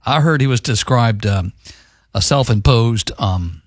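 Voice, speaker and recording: A man's voice: mid-range voice, unhurried. An easygoing man co-hosts a casual radio chat. He mostly agrees and adds dry quips. The sound is dry and close, with no room echo. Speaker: radio co-host.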